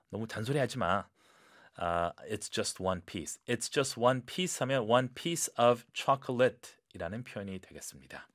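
A man's voice: lowish voice, no room sound, studio quality. A man teaching English phrases in a bilingual lesson, acting out reactions and spelling words letter by letter.

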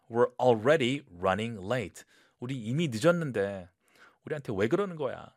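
Lively male English teacher acting out phrases. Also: medium pitch, very fast, no echo, clean studio sound. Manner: acts out reactions and spells out words. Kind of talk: bilingual English lesson.

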